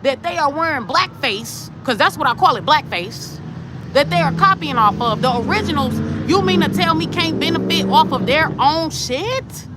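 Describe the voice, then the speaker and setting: A high-pitched woman talks with a lively, swooping delivery, ranting bluntly and profanely as a tarot channel host. The recording is noisy, with traffic passing outside. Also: normal speed. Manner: blunt, profane and animated, talking straight at the camera. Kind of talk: casual ranting commentary.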